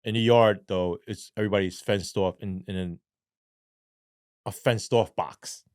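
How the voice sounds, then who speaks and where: Profane New man, low dry voice. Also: measured pace, clear, resonant tone, dry recording. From New York. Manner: profane and animated, keeps asking "right?". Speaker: guest. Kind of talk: casual storytelling.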